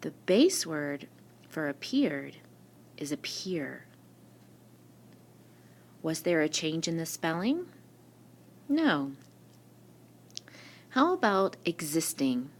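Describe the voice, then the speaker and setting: Woman teacher going over spelling real slow and patient, lower voice but lots of ups and downs. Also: very animated, a little hiss or hum. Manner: slow, patient, asks and answers her own questions. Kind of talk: recorded spelling lesson. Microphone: screen-recording mic.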